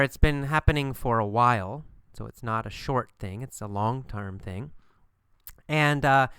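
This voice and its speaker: A man giving a recorded English lesson in a smooth, resonant voice. He is slow, repetitive and encouraging, and he sounds close and dry on the mic. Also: mid-range voice, a bit bright, no room sound. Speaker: English teacher.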